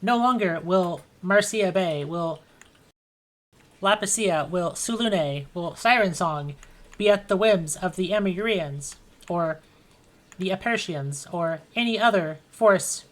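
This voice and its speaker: A woman game master voicing a pompous propaganda robot advisor that makes slow, formal proclamations. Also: lowish voice.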